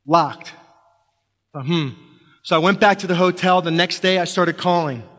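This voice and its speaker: A fairly high-pitched man tells a personal story on a stage, his words ringing with the long reverb of a hall. He halts and restarts often and leans on repetition to build tension. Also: normal speed, fairly bright tone.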